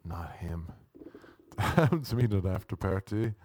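A man's voice: lowish voice, expressive, normal speed, a little mellow, a little hiss or hum. A man doing a rambling, self-deprecating comic monologue, dropping wry asides and slipping into mock voices.

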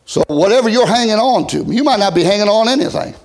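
Middle-aged man, pastor, high voice, folksy revival preaching with big loud-to-soft swings. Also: lively intonation, fast talker. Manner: folksy, swinging from loud shouting to hushed near-whisper. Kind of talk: revival sermon.

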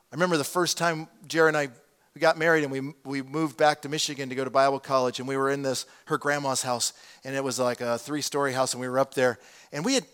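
A middle-aged man preaching a sermon as a pastor, swinging from hushed, low passages to loud exclamations.

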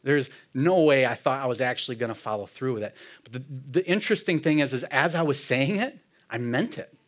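A man tells his personal faith testimony at a fairly quick clip, casual and earnest, laughing often. He calls himself hard-headed and speaks plainly, and when he quotes himself or his friend, his voice drops to a low murmur.

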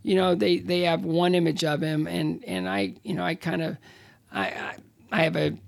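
A man in his sixties, an interview guest telling stories casually, halting with many fillers and restarts. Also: a little high, creaky, no echo. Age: 60s. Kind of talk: casual conversational storytelling.

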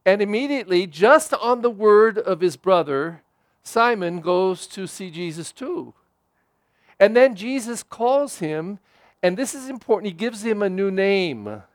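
A man's voice: high-pitched, expressive, unhurried, no room sound. Man preaching a homily, dry close sound. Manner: conversational preaching, rising for emphasis and dropping soft for prayer. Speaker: priest. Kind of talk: homily at Mass.

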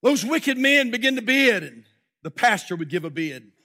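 A man preaching a sermon from a church pulpit, telling a story dramatically with sudden hushed drops and loud shouted peaks, then leading prayer. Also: very high-pitched, big pitch swings, moderate pace. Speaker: pastor.

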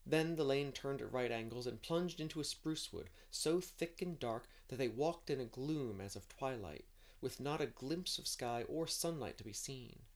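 Lively man reading a storybook aloud. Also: mid-range voice, moderate pace. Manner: expressive reading with an added playful aside. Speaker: audiobook reader.

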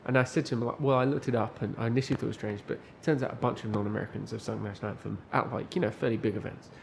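A man's voice: medium pitch, fairly even intonation, rapid-fire, vocal fry, noisy background. A man co-hosting a podcast, telling an anecdote in a casual, rambling way full of restarts. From Britain. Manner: rambling storytelling with frequent restarts. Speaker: podcast co-host. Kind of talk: casual chat.

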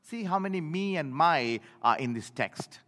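An older man preaching with a high voice and a wide, lively sweep of pitch. He tells stories from the pulpit and drops from ringing declarations to near hushes. His voice carries the long reverb of a church hall. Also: unhurried. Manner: storytelling, swinging from loud to hushed. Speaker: pastor. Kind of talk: sermon.

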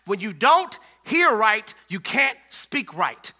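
A man's voice: sits high, sing-song, takes it slowly, bright, forceful tone. A male preacher delivering a sermon in an emphatic, repetitive style. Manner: emphatic, repetitive preaching with a call-and-response feel.

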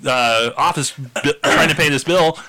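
Guy co-hosting a cartoon podcast, brightish voice a bit on the high side, short replies, laughs along. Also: a little slow, low-quality recording. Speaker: podcast co-host. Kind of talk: casual chat.

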